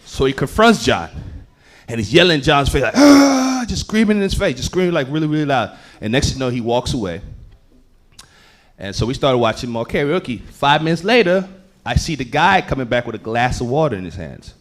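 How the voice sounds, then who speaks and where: A man telling a story on a comedy club stage, swinging between loud bursts and low asides. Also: lively intonation, a little fast. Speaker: stand-up comedian. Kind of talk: stand-up storytelling.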